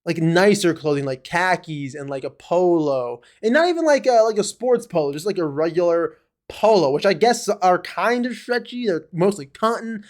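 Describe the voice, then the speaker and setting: A man co-hosting a podcast talks in a loose, rambling way, with lots of filler words. His voice sits a little high and swings widely in pitch as he gets animated. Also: moderate pace. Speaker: podcast co-host. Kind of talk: casual chat.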